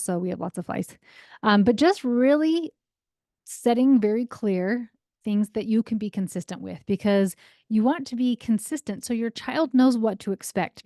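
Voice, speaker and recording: A woman's voice: medium pitch, warm tone, dry recording, studio quality. A woman in her thirties hosting a parenting podcast, talking casually and often checking in with "right?" and "um". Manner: conversational, frequent "right?" and "um". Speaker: parenting coach and podcast host. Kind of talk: casual solo podcast talk.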